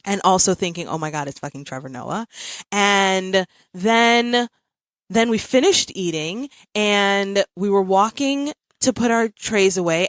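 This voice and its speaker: A woman in her thirties hosting a podcast in casual chat, telling a story with animated energy and frequent laughter. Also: mid-range voice, no echo, clean studio sound. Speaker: podcast host.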